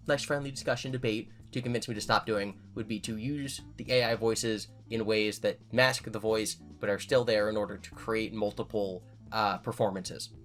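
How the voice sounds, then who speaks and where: A man with a lowish, slightly bright voice gives casual YouTube commentary, answering viewer comments. He's candid and self-correcting, talking things through as he goes.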